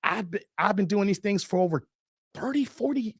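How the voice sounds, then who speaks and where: A man's voice: high voice, expressive, moderate pace, husky, no echo, studio quality. A man in his forties hosting a live stream, reacting to clips and talking straight to his chat viewers. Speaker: livestream host.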